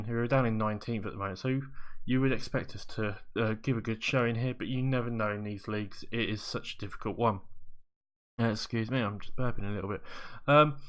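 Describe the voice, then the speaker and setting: Man, football sim commentary, upbeat, rambling, self-correcting, mid pitch. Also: a bit bright. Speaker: video game streamer. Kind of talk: casual gameplay commentary.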